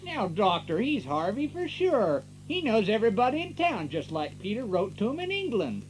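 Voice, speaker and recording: A woman's voice: medium pitch, big pitch swings, moderate pace, darkish tone, slight background noise, lightly acted, poor audio. An actress playing an eager, gullible townswoman who speaks insistently, in a radio play.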